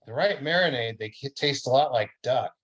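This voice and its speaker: A man's voice: mid-range voice, expressive, moderate pace, a bit bright, highs cut off, voice pushed up. A man voicing a sly woman street-food seller in a knowing, matter-of-fact way.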